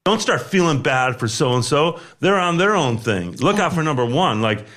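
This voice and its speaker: A man's voice: fairly high pitch, lively intonation, moderate pace, fairly bright tone. A man in a played interview clip, talking casually and earnestly with loose, rambling phrasing.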